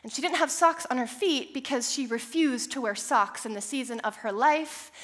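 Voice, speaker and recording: A young woman preaching a sermon, telling a personal story with animated, self-deprecating humor. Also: high-pitched, moderate pace. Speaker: church speaker.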